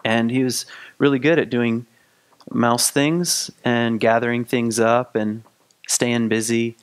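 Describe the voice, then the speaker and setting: A man, a spiritual teacher, telling a story in a casual, halting way with frequent restarts. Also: medium pitch, fairly even intonation, smooth. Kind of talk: storytelling talk.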